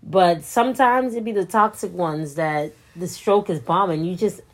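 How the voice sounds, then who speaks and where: A young adult woman co-hosting a casual podcast chat, talking bluntly and animatedly and breaking into high laughter. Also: normal speed. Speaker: podcast co-host.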